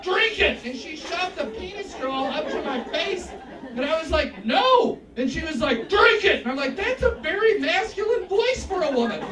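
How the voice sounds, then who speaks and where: Playful, sarcastic high-voiced male comedian. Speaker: stand-up comedian. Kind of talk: live stand-up comedy. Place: comedy club stage. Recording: roomy club, distant mic, loud audience.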